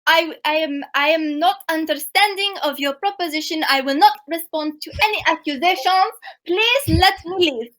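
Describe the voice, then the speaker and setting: A woman voicing a haughty young female thief who puts on a deliberately bad foreign accent and dodges every question. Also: very high voice, fairly bright tone. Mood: stiff. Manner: stiff mock-foreign accent, bad on purpose.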